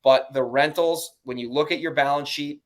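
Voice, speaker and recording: A man with a New York accent talking casually in a podcast conversation about his investing, profane and animated, mimicking other people in high mocking voices. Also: moderate pace. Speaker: real estate investor guest.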